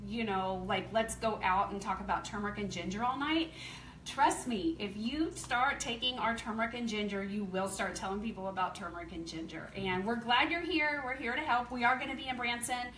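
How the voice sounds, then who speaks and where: A fifty-something Southern woman, a company distributor, gives a chatty testimonial at a meeting, laughing and telling her story with animation. Her voice sits on the high side and moves fairly quickly. The recording is poor: she's far from the mic in an echoey room, with slight background noise.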